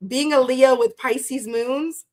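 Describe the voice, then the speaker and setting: Her high voice stays steady and somewhat dark as she talks at a slow pace. She's a tarot reader hosting a livestream, chatting casually with viewers, calling them by name and cursing freely.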